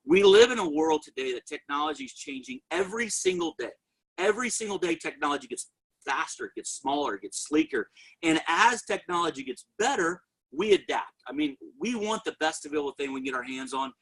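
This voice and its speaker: A man giving an energetic motivational sales testimony and talking straight to his audience as a network marketing presenter. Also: on the high side, brisk, slightly rough, poor audio.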